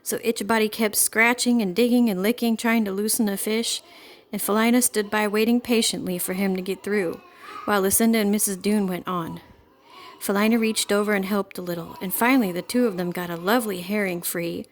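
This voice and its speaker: A woman reading a children's storybook aloud in a gentle, expressive storytelling manner. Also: mid-range voice, fairly quick. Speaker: storybook reader.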